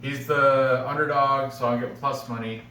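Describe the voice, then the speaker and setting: A man's voice: mid-range voice, steady tone, normal speed, sharp tone. A man hosting a casual sports betting picks video, chatty and self-correcting, often breaking into laughs. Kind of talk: casual rambling commentary. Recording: roomy, from a distance, faint background noise.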